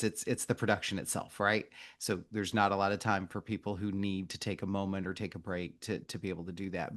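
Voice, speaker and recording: Male host and coach, deep voice, measured and reflective pace. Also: a bit bright. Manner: measured and thoughtful, slows down on key words, with small restarts. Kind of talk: reflective interview questions.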